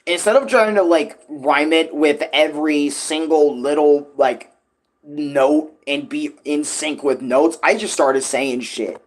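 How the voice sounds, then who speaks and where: Rambling, swearing man with a higher voice. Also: slow pace. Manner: rambling, profane, lots of filler. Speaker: music creator vlogging. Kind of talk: casual rambling chat.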